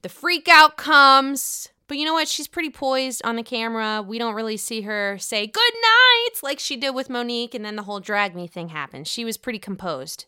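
A woman's voice: fairly high pitch, bright, forceful tone, clean tone, no room sound, clean studio sound. A woman giving a casual, sassy, profane recap of a reality TV episode, acting out the cast's lines. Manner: sassy, profane, acts out quotes with voices.

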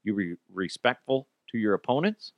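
A man hosting a casual solo podcast, ranting in an animated, exasperated way and swearing freely. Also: fairly low pitch, normal speed, dry recording, highs cut off. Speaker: podcast host.

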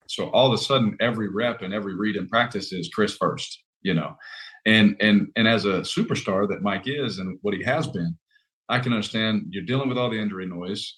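A man in his thirties, a football player, answering questions in a measured, conciliatory way with plenty of fillers. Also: fairly low pitch, a bit bright. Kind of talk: interview answer.

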